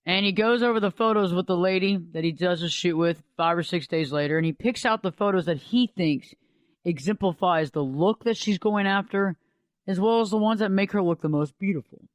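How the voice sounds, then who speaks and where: A woman's voice: lowish voice, a little fast, no room sound. A woman host and life coach giving a conversational storytelling monologue on a radio show, driving her points home with repeated "think about it.".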